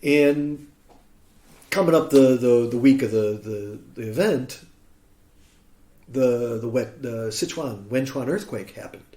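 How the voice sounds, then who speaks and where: A man from Chicago, a guest musician on a podcast, telling a story in a lively way and acting out what people said. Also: mid-range voice, slow, pauses often. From Chicago, USA. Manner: animated storyteller who acts out quoted speech. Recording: roomy echo.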